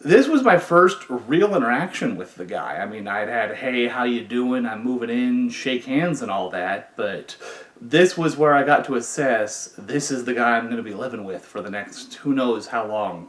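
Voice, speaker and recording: A man's voice: fairly low pitch, normal speed. Man telling a story in an echoey room. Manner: relaxed, wry, conversational. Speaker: storyteller, former prisoner. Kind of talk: casual spoken storytelling.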